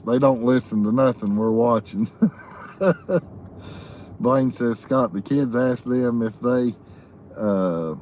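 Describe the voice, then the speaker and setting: A man with a mid-range, darkish voice hosts a live stream, reading viewers' chat comments aloud in a folksy manner and laughing often. There's slight background noise on this casual live chat.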